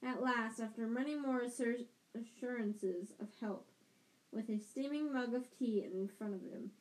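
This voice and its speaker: A woman's voice: on the high side, a little slow, darkish tone. A woman reading a book aloud as an amateur reader, often stumbling and correcting herself. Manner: reads with frequent restarts and self-corrections. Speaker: audiobook reader.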